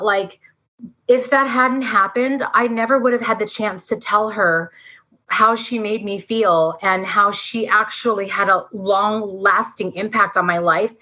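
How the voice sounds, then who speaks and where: A woman in her forties telling a personal story as a podcast guest, fast and earnest, saying "like" often. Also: mid-range voice, bright, forceful tone. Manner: fast, earnest, says "like" a lot. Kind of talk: emotional storytelling. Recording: dull lo-fi sound.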